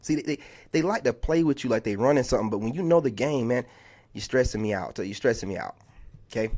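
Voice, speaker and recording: Fast and lively in intonation, a medium-pitched male voice with a slightly mellow quality carries a vlog rant. The content creator sounds exasperated and heated, circling back over the same points and saying "man" again and again.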